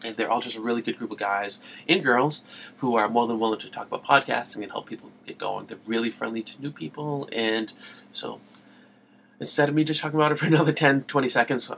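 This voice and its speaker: Gravelly-voiced male podcast host. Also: mid-range voice, fast, fairly bright tone, slight background noise. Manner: rambling, easily sidetracked, laughs at himself. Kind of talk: casual podcast talk.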